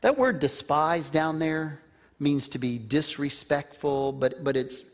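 A man's voice: on the high side, slow. A man preaching a sermon in a conversational way, putting questions to the listeners. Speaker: pastor.

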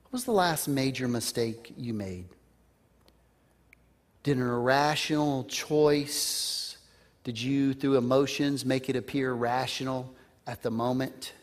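A man's voice: medium pitch, slow pace. A man preaching a sermon in a conversational way, putting questions to the listeners. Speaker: pastor.

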